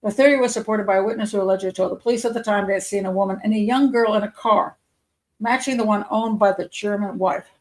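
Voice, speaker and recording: A woman's voice: mid-range voice, fairly even intonation, quick pace, darkish tone, low-quality recording. A woman hosting a live show as a criminal profiler, reading news aloud with skeptical, muttered asides and self-corrections.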